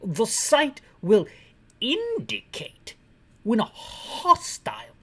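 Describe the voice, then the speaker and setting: A woman voicing a pompous male radio commander in a deliberately bad British put-on, reading out instructions slowly and over-pronouncing every word. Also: a little high, huge pitch swings, gravelly, pushed and bright, a little hiss or hum, pitched above the performer's own voice, heavily acted. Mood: stuffy.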